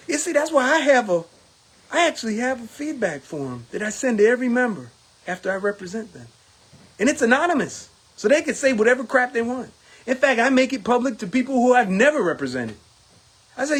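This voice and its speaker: A man's voice: extremely high pitch, sing-song, a little fast, slightly rough. A middle-aged man, a union steward, speaking in a casual monologue and acting out quoted exchanges in a raised voice.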